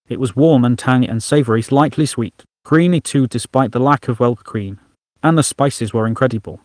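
A male storyteller with a mid-range voice and steady, measured delivery. The read is dry and close, with no room around it. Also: medium pitch, no echo. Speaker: narrator. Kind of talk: storybook narration.

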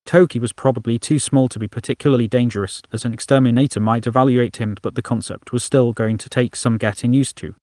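A man narrates a science fiction story in a wry, deadpan storyteller's way. His voice sits at a middling pitch. The recording is dry with no room sound. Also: fast, few pauses, dry recording.

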